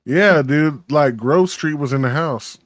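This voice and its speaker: A man's voice: a little high, a little slow, dry recording. A man with a Texas accent co-hosting a podcast, rambling in casual chat with lots of swearing and restarts. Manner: rambling, profane, many restarts. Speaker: podcast co-host.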